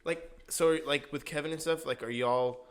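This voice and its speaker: A man's voice: a little high, fairly even intonation, normal speed. A man co-hosting a podcast in casual chat, easygoing, full of "like" fillers and jokey asides. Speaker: podcast co-host.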